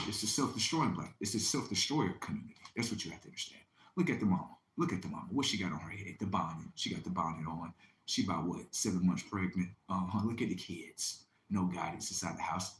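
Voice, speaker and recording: A man hosting a livestream, delivering a boastful, taunting, profane monologue that swings between loud outbursts and low mutters. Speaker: livestream host. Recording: echoey room with faint ambient noise.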